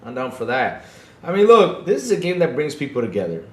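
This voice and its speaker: A man with a mid-range voice talks fast and very animatedly while hosting a casual gaming podcast. He's laid-back and chuckling, often repeats himself, and tags his lines with "though." The room is echoey.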